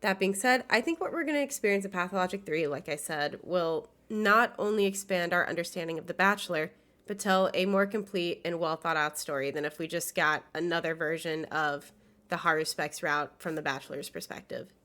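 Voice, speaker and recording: Young woman, nasal and congested, low voice, earnest video essay host. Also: a little fast, sharp tone. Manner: earnest, enthusiastic, with occasional fillers. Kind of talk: scripted video essay commentary.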